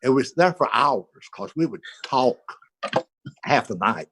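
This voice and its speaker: An older man tells a story with a husky, breathy voice, and his pitch swings widely as he goes. He acts out the people in it, on a video call. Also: animated, measured pace, pushed and bright. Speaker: comedy panel guest. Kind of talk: casual anecdote.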